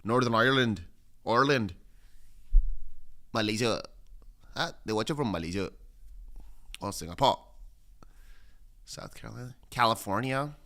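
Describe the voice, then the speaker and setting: This crypto livestreamer has a lowish, sharp voice, speaking unhurriedly with frequent pauses. Broadcasting casually from his home studio in Dubai, he wanders through chart commentary and reads out viewer comments.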